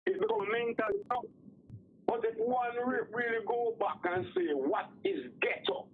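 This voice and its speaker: A man's voice: very high-pitched, normal speed, phone-quality sound, a little hiss or hum. A man with a Jamaican accent calling in to a radio show, rambling and often asking whether you follow him. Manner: rambling, keeps asking "you know what I mean". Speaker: caller. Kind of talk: call-in radio chat.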